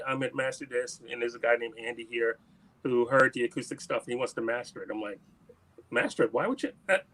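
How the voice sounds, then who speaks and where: A man in an interview, telling a long story in a casual way and acting out the lines of the people in it. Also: medium pitch. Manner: animated anecdote-telling, acts out quoted dialogue. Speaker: musician guest.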